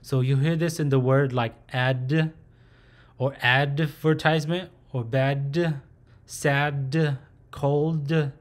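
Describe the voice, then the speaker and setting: A man at a mid pitch, talking slowly and patiently as a language teacher. He sounds out short syllables and says them again for learners, in the even tone of a narrated slide lesson. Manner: slow, patient, repeats sounds aloud.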